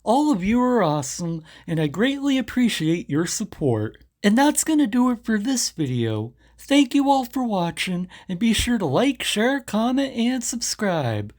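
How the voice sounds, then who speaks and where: A woman hosting a commentary channel, giving a calm, plain-spoken scripted voice-over. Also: medium pitch, a little slow, few pauses. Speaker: channel host narrating clips.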